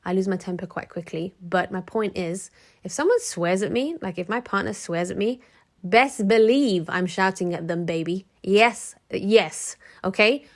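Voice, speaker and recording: A woman's voice: mid-range voice, normal speed. A woman vlogging to camera in a frank, chatty way, with many restarts, who acts out the people she quotes. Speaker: motivational vlogger. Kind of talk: casual talk to camera.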